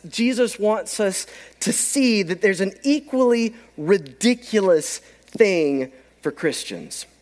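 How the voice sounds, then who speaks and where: Animated male preacher, lively pitch. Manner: animated storytelling, acts out quoted voices. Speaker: pastor. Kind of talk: sermon.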